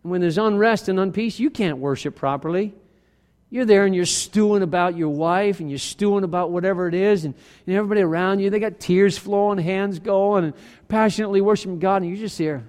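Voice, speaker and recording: A man preaching a sermon as worship leader, conversational and animated, acting out quotes from everyday life. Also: high voice, brisk, big-room sound. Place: church sanctuary.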